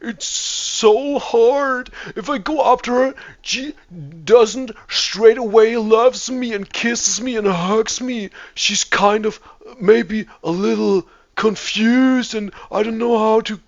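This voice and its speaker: A man putting on the voice of a young man complaining about dating, in a high, whining tone. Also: takes it slowly, highs cut off.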